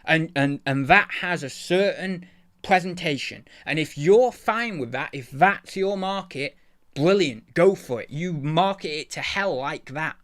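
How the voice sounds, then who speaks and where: Brief: male host, chatty and meandering, a touch high-pitched. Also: unhurried, a bit bright. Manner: rambling, loses his thread, mild swearing. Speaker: channel host, eBay reseller. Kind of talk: casual rambling chat.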